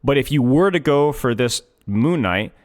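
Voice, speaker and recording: A man's voice: medium pitch, expressive, moderate pace. A man coaching a player through a gameplay replay, emphatic and often repeating his points several times. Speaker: game coach.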